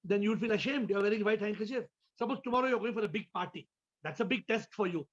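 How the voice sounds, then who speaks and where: High-voiced man teaching over a call. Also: fast talker, highs cut off. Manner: repeats words, asks listeners rhetorical questions. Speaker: spiritual teacher. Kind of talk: question-and-answer discourse. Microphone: video call.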